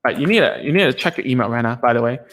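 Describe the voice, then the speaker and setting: A man's voice: medium pitch, lively intonation, very fast, a bit bright, slight background noise. A man, a speech therapist, teaching in a casual live session, chatty and self-deprecating with many fillers and restarts.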